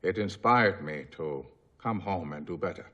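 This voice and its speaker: An actor playing a calm older South African leader, speaking with a South African accent in a slow, measured, solemn way. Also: male voice, low-pitched, lo-fi sound.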